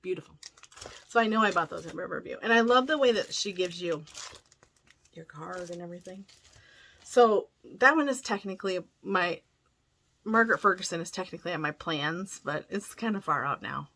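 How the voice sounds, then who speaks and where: A woman's voice: fairly low pitch, expressive, normal speed, bright, forceful tone. A middle-aged woman chatting casually as a cross-stitch vlogger, enthusiastic and full of self-corrections. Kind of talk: casual chat showing a haul.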